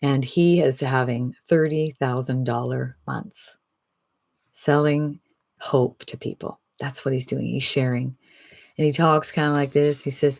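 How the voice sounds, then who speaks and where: Upbeat sixty-something sales pitcher. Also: steady tone, unhurried, vocal fry, dry recording. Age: 60s. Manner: upbeat, chatty, many rhetorical "right?". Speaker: online business promoter.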